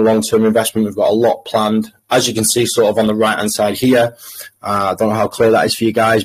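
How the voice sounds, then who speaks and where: Man, Manchester accent, low husky voice, halting presenter full of ums, voice-chat pitch. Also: rough recording. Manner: hesitant, many ums and uhs, restarts. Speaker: crypto trader presenting to investors. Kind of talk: screen-share voice chat presentation.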